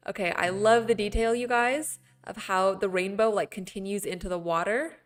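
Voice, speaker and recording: A woman's voice: medium pitch, fairly even intonation, normal speed. A woman streaming a building game, chatting with her viewers in a rambling, playful way and laughing often. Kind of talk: casual chat with stream viewers while building.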